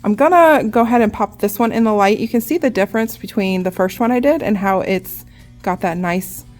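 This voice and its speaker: A young woman, a nail artist, giving a relaxed, chatty step-by-step nail art tutorial, often saying "like". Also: mid-range voice, fairly quick, soft background music.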